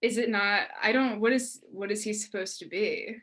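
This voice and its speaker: A woman's voice: medium pitch, moderate pace. A young woman from Pittsburgh co-hosting a casual podcast, telling stories with acted-out quotes. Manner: animated storytelling with acted-out quotes and laughs. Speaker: podcast co-host. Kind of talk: casual chat.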